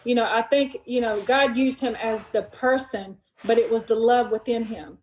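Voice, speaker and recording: High-voiced affirming woman podcast host. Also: steady tone, moderate pace. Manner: affirming, interjects with "wow" and "yeah". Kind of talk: casual chat. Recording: echoey room with faint noise.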